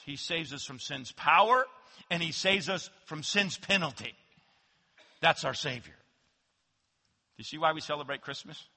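A man preaching a sermon as pastor, swinging from loud emphatic declarations to hushed low asides. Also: gravelly, slightly rough. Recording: long hall reverb.

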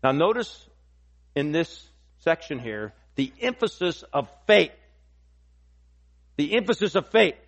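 A pastor preaching an expository sermon, emphatic and repeating key phrases for weight. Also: male voice, on the high side, big pitch swings, takes it slowly, pauses often, a bit bright.

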